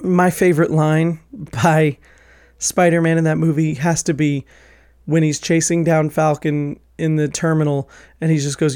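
A man's voice: fairly high pitch, level tone, a little slow, a little mellow, smooth, no room sound, clean studio sound. A man talking casually and enthusiastically about a favorite film, acting out quoted lines. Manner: enthusiastic, acts out quoted lines in raised voices. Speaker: film reviewer.

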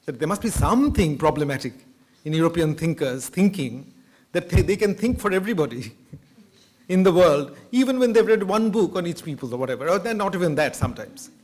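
A man from Bengal, giving an academic lecture with a reflective manner and occasional soft laughs. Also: a little high. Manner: thoughtful, laughs between points.

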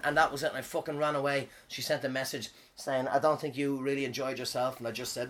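A man's voice: medium pitch, steady tone, a little fast, few pauses, fairly bright tone. Rambling, foul-mouthed man telling a story. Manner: rambling, swears a lot, trails off and restarts. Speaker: comedian and podcast host. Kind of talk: casual storytelling.

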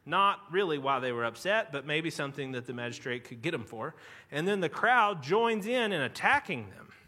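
Male pastor, animated sermon storyteller, bright and lively delivery, long church reverb. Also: a little high. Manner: animated storytelling, drops to a hush for emphasis.

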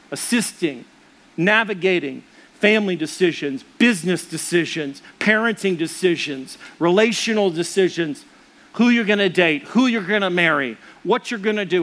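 Guy preaching, pretty high voice, chatty earnest sermon, middle-aged. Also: fairly bright tone. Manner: earnest, conversational preaching with acted quotes. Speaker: pastor.

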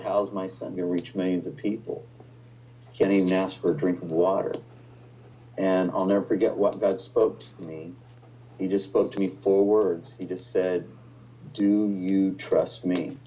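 A man's voice: sits low, dark tone, dull audio. A middle-aged man, a pastor, telling an emotional personal story in conversation, often restarting his words. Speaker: pastor, guest.

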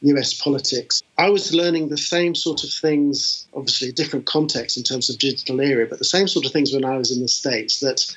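A middle-aged British man telling stories about his fundraising career in an animated, enthusiastic way, with lots of fillers. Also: medium pitch, fairly quick, few pauses, slightly rough. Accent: British English. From England. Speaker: interview guest, fundraiser. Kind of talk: conversational storytelling. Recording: dull lo-fi sound.

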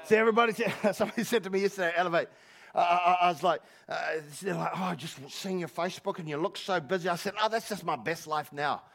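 A male pastor preaching a passionate sermon at a church service, stumbling over repeated words, breaking into laughter and rising to shouts. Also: sits high, quick pace.

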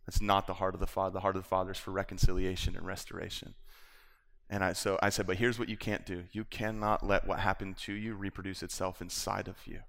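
A man's voice: low voice, flat delivery, fast, creaky, a bit bright. A man preaching, telling a personal story with acted-out quotes and laughter. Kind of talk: sermon storytelling. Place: church.

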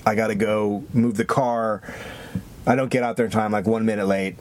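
A man co-hosting a podcast, telling a long, rambling story in casual chat, animated and swearing constantly. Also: fairly low pitch, moderate pace. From lives in Los Angeles. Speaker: podcast co-host.

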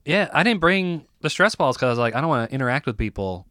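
A man's voice: medium pitch, big pitch swings, fast, pushed and bright, no echo, studio quality. A man co-hosting a podcast, telling a rambling, self-mocking story about a comedy gig with lots of restarts and laughter. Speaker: podcast co-host.

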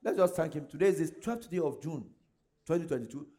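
Man, pastor, high voice, fervent congregational prayer, speaking in tongues. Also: lively intonation, fairly quick, dark tone. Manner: fervent, calls out prayer points for people to repeat.

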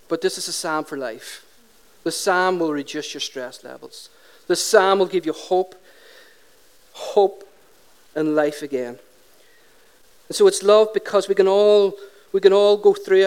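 A man's voice: high-pitched, darkish tone, smooth. A middle-aged man, preaching a humorous, conversational sermon and asking the congregation questions.

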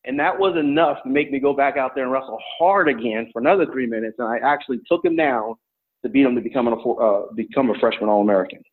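A middle-aged man recalls his wrestling days in an easygoing, meandering way, full of ums and restarts. His voice sits at an ordinary pitch for a man. It comes through a narrow, tinny, phone-like line. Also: fast talker, breathy edge. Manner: relaxed, rambling storyteller with many fillers. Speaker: former college wrestler and coach. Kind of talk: storytelling in an interview.

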